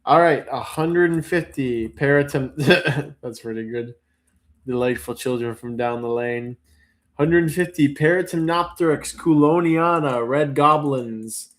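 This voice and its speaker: This is a man hosting a casual live auction stream. His talk is playful and jokey as he chats through the lots. His voice sits at an ordinary, mid-range male pitch. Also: a little slow. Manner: playful, jokey, chats while sorting and labeling. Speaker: livestream auction host.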